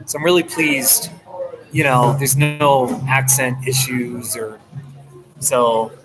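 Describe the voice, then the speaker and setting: A man's voice: mid-range voice, fairly even intonation, slow pace, music in the background, rough recording. An American man from the New Jersey and New York area, chatting casually and rambling on a live stream from a coffee shop, recording through a laptop he holds up. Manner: rambling, chatty, frequent laughs. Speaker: vlogger. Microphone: laptop held up.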